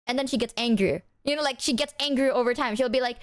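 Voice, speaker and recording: A woman with a high voice talks casually as a streamer. She tells her stories in an animated, slangy way. She is speaking to her viewers. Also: fast talker, few pauses. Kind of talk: casual chat.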